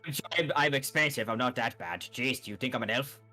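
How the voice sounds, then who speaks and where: A man voicing a gruff male shopkeeper with a put-on Brooklyn accent and a smoky, gravelly voice, rambling as he haggles over prices in a tabletop game. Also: medium pitch, fast talker, sharp tone, soft background music. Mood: haggling. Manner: rambling, haggling, self-correcting. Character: gruff male human shopkeeper, haggling chain-smoker type.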